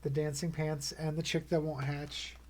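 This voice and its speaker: Guy reading kids poems on his stream, kinda high voice, playful and chuckly between poems. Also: flat delivery, normal speed, darkish tone, slight background noise. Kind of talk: reading poems aloud with casual commentary.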